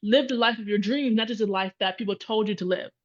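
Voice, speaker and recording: A woman speaking as a panel guest, encouraging and listing her ideas in quick series. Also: medium pitch. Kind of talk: reflective panel talk. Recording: dull lo-fi sound.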